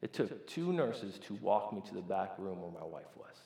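Male pastor telling a story in a sermon, animated with many restarts, in a roomy, echoing space. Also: deep voice, moderate pace, vocal fry. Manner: animated, stammering restarts, swings between loud and hushed.

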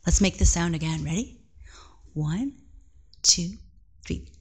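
A woman's voice: on the low side, lively intonation, measured pace, slightly rough. Playful, encouraging woman guiding children. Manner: gentle, playful and encouraging, drops into whispers. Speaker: children's mindfulness guide. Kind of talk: guided mindfulness lesson for kids. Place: living room at home.

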